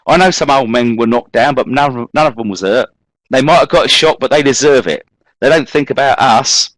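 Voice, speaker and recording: A man's voice: mid-range voice, brisk, a bit bright, dry recording, voice pushed up, lightly acted, low-quality recording. A man voicing a defiant young male tearaway with a London accent, brash and boastful.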